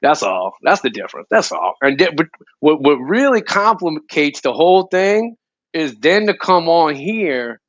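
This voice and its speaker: A man's voice: on the high side, sing-song, measured pace, fairly bright tone, no echo, highs cut off. A male co-host in casual fan-show talk, laid-back, swearing and full of fillers.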